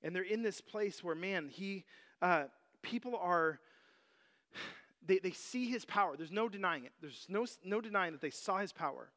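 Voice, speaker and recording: A man teaching a Bible passage in a relaxed, conversational sermon, full of "like" and "you know". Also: high-pitched, moderate pace.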